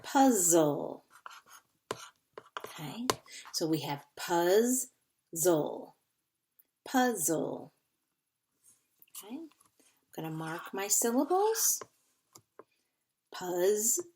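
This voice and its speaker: A woman's voice: mid-range voice, big pitch swings, slow pace, long pauses, darkish tone, slight background noise. A woman teaching a phonics lesson to young children, patiently repeating words to sound them out.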